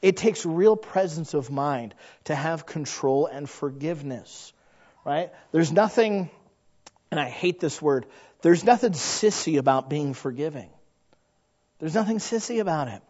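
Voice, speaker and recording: A man in his thirties preaches with a fairly high voice, acting out the people in his stories. The recording sounds a little dull and lo-fi. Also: unhurried. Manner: animated storyteller who acts out quoted voices. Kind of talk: sermon.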